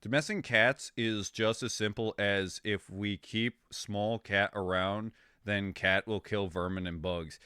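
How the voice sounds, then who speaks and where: A young man streaming, chatting casually with viewers in a rambling, excitable way, swearing freely. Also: on the low side, unhurried, clear, resonant tone, no room sound, studio quality.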